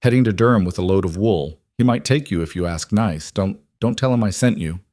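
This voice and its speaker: A man's voice: on the low side, fairly quick, no echo, clean studio sound, close to an everyday voice. A man voicing a hard, grudging woman innkeeper. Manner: flat, curt, grudging. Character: hard-eyed weary female innkeeper, grudging.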